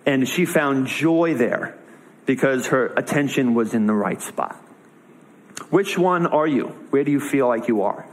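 A man's voice: medium pitch, a little slow, rough recording. A young man preaching in a casual, conversational way, retelling a story with voiced asides. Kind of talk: casual sermon.

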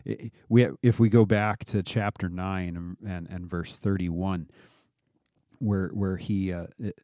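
Male preacher, low mellow voice, dry close sound, conversational delivery with restarts. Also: fairly even intonation, slow, no echo. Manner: conversational, repeats words when starting phrases. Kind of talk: sermon.

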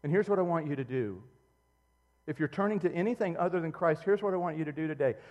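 A middle-aged man preaching a sermon as a pastor, swinging between loud emphatic outbursts and quiet, low, intimate passages. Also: expressive, quick pace, in a large hall, lo-fi sound.

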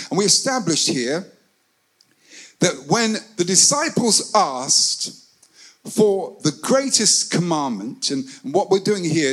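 Man, pastor, sermon, high voice, call-and-response, loud-to-soft swings. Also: low-quality recording. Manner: animated preaching, swinging between loud calls and hushed asides; repeats phrases and leads call-and-response with the congregation.

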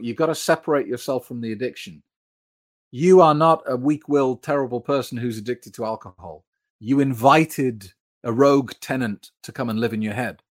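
A man hosts a live stream on quitting drinking, reading out viewer comments and answering each one in a relaxed, chatty way. His voice sits at a middle pitch for a man, and the sound is dry and close with no room echo. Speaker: sobriety coach hosting a live stream.

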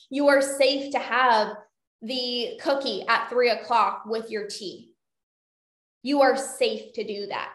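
A woman's voice: high voice, echoey room. A woman hosting a solo podcast as a coach, chatting casually with many fillers and acting out inner voices. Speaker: podcast host and binge eating coach.

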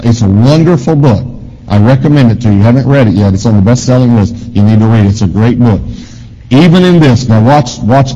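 A man pastor preaching a sermon with emphatic swings in pitch and volume, asking the congregation questions. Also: dark tone, muffled recording. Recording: long hall reverb.

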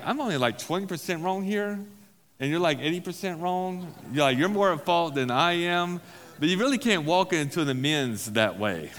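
A long reverb tail follows this man's slightly high, somewhat bright voice. He's a pastor preaching at a recovery-group meeting in a church hall, keeping it casual, circling back to key phrases and poking fun at himself.

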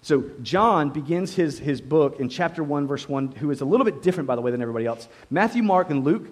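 A man's voice: a little high, animated, fast talker. A man preaching a sermon to a live congregation in a conversational way, repeating words and often saying "you know". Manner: speaks to a live congregation, asks them questions. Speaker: pastor. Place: church service before a congregation.

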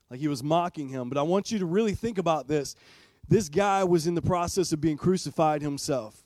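A man's voice: on the high side, fairly quick, hardly any pauses, darkish tone, no room sound. A man preaching a sermon as pastor in a church. He talks conversationally and asks the congregation direct questions.

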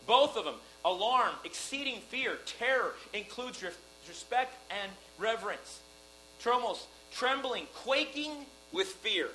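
A man's voice: high-pitched, animated, normal speed, pushed and bright, a little hiss or hum, rough recording. A man preaching a sermon earnestly, often restarting his sentences. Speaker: pastor.

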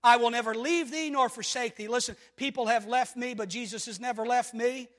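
A man with a very high voice preaches a sermon in a church hall, and his words ring out with a long reverb. He jumps from loud, shouted lines to near-hushed ones and keeps calling on the congregation with repeated refrains. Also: fairly even intonation, fairly quick. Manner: repetitive rhetorical calls to the congregation. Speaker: pastor. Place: church sanctuary.

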